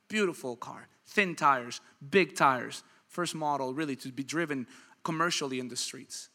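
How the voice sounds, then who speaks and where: A pastor in his thirties with a high, very bright and tense voice. He preaches dynamically, moves from quiet storytelling to loud, driving peaks, and acts out the people in his stories. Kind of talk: sermon.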